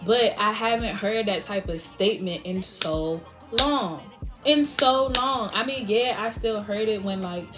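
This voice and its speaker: A young woman vlogger telling a storytime with animated delivery, laughing often and acting out what others said. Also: medium pitch, a little slow, over loud music. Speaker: beauty vlogger. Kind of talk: storytime vlog.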